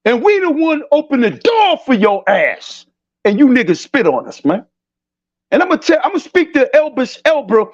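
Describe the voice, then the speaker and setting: A man's voice: very high voice, big pitch swings, moderate pace. A man hosting a heated talk-show debate, impassioned, profane and preachy. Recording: dull lo-fi sound.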